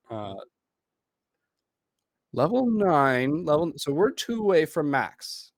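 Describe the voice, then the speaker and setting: A man's voice: fairly high pitch, sing-song, slow pace, pauses often, no room sound. A man in casual chat during a streamed tabletop game, announcing things in a showman-like, mock-formal way. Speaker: tabletop game player tasting hot sauce on stream.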